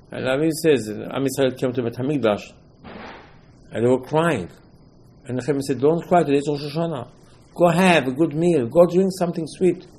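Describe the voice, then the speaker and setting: A man's voice: mid-range voice, husky. Emphatic man giving a Torah sermon. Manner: emphatic, repeats phrases, quotes texts in dialogue; non-native English phrasing. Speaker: Torah teacher.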